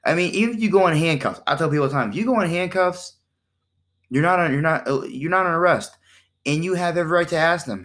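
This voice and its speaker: A man's voice: a little high, fast. A man hosting a casual podcast monologue in a conversational way, often asking "right?" and acting out the exchanges he describes. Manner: animated, acts out quoted exchanges in shifting voices; conversational, with repeated "right?" and "you know". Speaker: podcast host.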